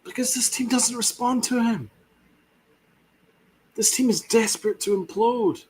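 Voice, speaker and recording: A man's voice: very high-pitched, a little slow, husky. A man hosting a sports podcast, ranting with fiery sarcasm and heavy swearing. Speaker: podcast host.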